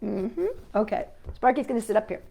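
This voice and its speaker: A woman hosting a children's storytime, reading a picture book aloud in a gentle, animated way with sound effects. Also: mid-range voice, brisk, gravelly.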